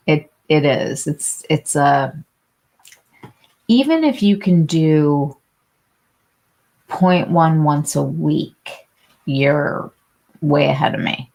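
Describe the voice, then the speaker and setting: A woman with a low, darkish, creaky voice talks extremely slowly with long pauses. She hosts a casual beauty livestream, reading viewer comments and replying to people by name amid many fillers and restarts.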